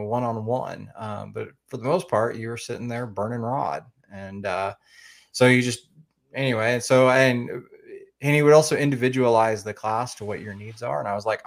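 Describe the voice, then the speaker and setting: A man's voice: medium pitch, creaky. Rambling man with a slight Oklahoma accent. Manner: rambling, many fillers and restarts. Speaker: podcast guest. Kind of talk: casual interview chat.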